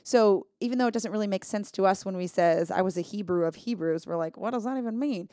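A woman's voice: medium pitch, fast talker, dark tone, dry recording, clean studio sound. A woman co-hosting a casual Bible study chat, earnest and emphatic, thinking aloud as she explains. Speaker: podcast co-host.

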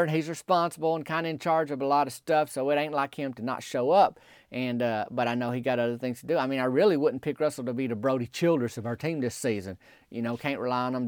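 A man's voice: medium pitch, dry recording, clean studio sound. Folksy man spinning a rambling yarn. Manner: rambling, folksy, drawn-out country storytelling. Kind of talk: deadpan comedic storytelling monologue.

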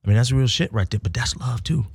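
An American man from the south side of Chicago, a military veteran, telling stories in an animated way as an interview guest. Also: medium pitch, fast, vocal fry, slightly rough, dry recording, studio quality. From United States (south side of Chicago). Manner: animated storyteller who swings from hushed to loud and laughing, says "y'all" and "baby". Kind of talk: casual storytelling conversation.

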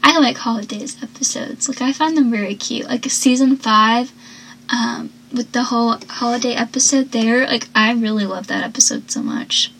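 Here a woman recaps a TV episode in a chatty way, packed with "like"s and acted-out quotes from the characters. Her voice is fairly high, steady, a bit bright and slightly rough, at a normal pace, and the audio quality is poor.

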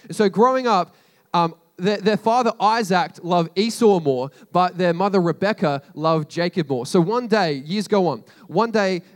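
A man's voice: sits high, moderate pace. A man casually retelling a story to a group as a sermon, chatty and slangy, with frequent asides to his listeners.

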